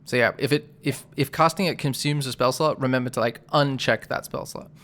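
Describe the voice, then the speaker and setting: Bright-voiced man running a tabletop game. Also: medium pitch, fairly even intonation, a little fast. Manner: casual, rambling narration with fillers. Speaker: game master.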